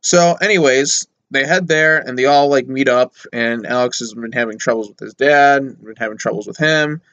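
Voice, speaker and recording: A man's voice: medium pitch, normal speed, fairly bright tone, no echo, lo-fi sound. Rambling, conversational male movie reviewer. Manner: rambling and conversational, full of fillers and asides; sarcastic mock voices when quoting characters. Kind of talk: casual spoken film review.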